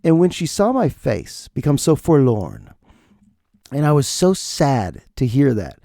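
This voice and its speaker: A middle-aged man riffs through a comedic podcast monologue with a gravelly, mellow voice that swings all over its range. He rants and jokes in a dry, close studio sound. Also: medium pitch, a little slow, no room sound. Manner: animated, ranting, jokey. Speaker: podcast host.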